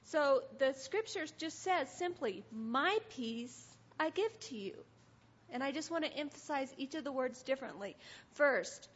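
Woman, middle-aged, high voice, gentle hesitant devotional teaching, muffled lo-fi sound. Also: expressive, normal speed. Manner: soft, hesitant, with many ums. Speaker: women's ministry teacher. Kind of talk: devotional teaching with guided meditation. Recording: dull lo-fi recording.

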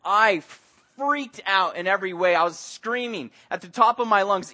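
A man preaches with a high, bright voice. He tells stories with energy and acts out the people in them as he goes. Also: moderate pace. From Mexico. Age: adult with young son. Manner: animated storytelling, acts out voices. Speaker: pastor. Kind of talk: sermon.

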